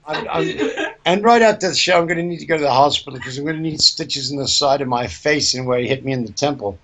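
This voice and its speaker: A man's voice: a little high, fast, a bit bright. A man hosting a mock-serious comedy news show, rambling and stammering as he improvises.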